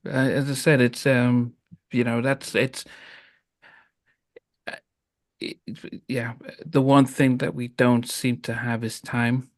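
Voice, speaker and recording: A man hosting a casual interview, speaking in halting phrases with many fillers. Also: medium pitch, level tone, dry recording, clean studio sound. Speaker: host.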